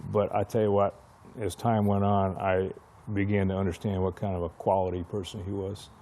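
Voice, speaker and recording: A man's voice: low-pitched, little pitch movement, moderate pace, dark tone. An older man, a retired fire chief, telling stories from his career in an oral history interview and acting out the dialogue he remembers. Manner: reminiscing storyteller who acts out remembered dialogue.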